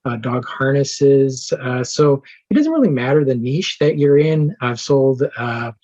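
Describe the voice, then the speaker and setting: Male interviewee, casual and halting, lots of ums, slightly dull audio. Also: mid-range voice, lively intonation, darkish tone. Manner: hesitant, many fillers and restarts. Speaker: interviewed program member.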